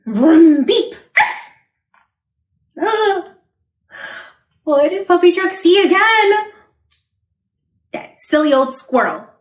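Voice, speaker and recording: Reading a picture book to children, this woman librarian uses a high, lively voice, slow and with an echo. Her storytime delivery is animated, full of sound effects and questions for the kids.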